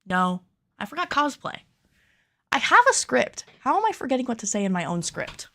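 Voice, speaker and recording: A woman's voice: fairly high pitch, very animated, moderate pace, gravelly, sharp tone. A woman who makes cosplay patterns, chatting on a livestream while she films, nervous on camera and thinking aloud with self-deprecating remarks. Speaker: cosplay pattern maker and streamer. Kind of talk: casual livestream chat while filming.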